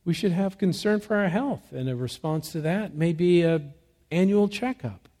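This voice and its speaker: Man preaching a dynamic sermon. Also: sits high. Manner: swings from soft, slow emphasis to loud, rising exhortation; asks rhetorical questions and answers them. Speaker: pastor.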